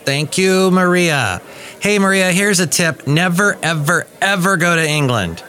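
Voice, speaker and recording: A man's voice: high voice, measured pace, pushed and bright. A man hosting his own podcast, chatting casually in a goofy, joking, rambling way. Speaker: podcast host. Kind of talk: casual solo podcast chat.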